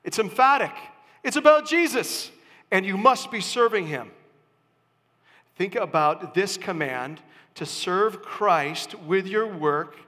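A man preaching a sermon as a pastor, emphatic, with sudden rises and soft drops. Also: high-pitched, animated, takes it slowly, big-room sound.

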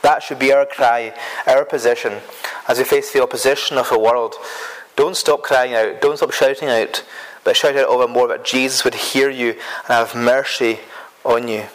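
A man's voice: mid-range voice, fairly even intonation, moderate pace, low-quality recording. A man preaching an earnest sermon who often repeats himself and stumbles over words as he builds his points.

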